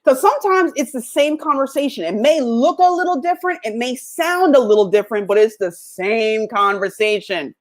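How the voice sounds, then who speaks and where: A middle-aged woman hosting a podcast, giving a motivational talk with animated storytelling, acting out past dialogues and laughing often. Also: a little high, normal speed, few pauses. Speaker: podcast host.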